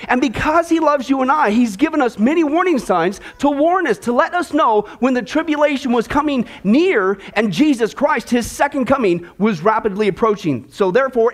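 Man, pastor, very high voice, jokey sermon, chatty, quizzes the congregation. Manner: jokey, conversational, asks the congregation questions. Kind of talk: sermon with joke opener. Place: church.

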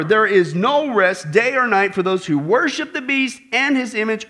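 A man preaching a sermon to a congregation in a conversational, animated way, often checking in with "okay?" and dropping jokes. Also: on the high side.

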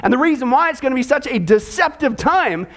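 A man preaching a sermon to his congregation, animated and joking with them. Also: very high voice, brisk. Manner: animated, jokey, talks to the congregation. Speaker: pastor. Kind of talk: sermon with a told joke.

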